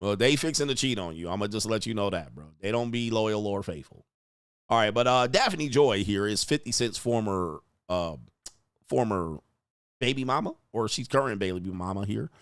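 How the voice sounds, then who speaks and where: A man's voice: lowish voice, lively intonation, normal speed, clean tone, dry recording, clean studio sound. A man hosting a reaction commentary, talking in a blunt, mocking and exclaiming way. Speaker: host.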